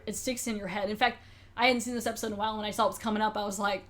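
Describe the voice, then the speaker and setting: A woman hosting a podcast, retelling a horror episode in an animated, chatty way. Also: medium pitch, very fast. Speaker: podcast host. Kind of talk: casual film review chat.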